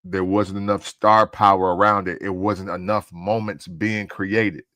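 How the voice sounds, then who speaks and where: A man co-hosting a podcast, telling a story in an excitable, animated way with lots of laughter. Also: deep voice, a little slow, dry recording, clean studio sound. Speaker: podcast co-host. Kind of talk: casual chat.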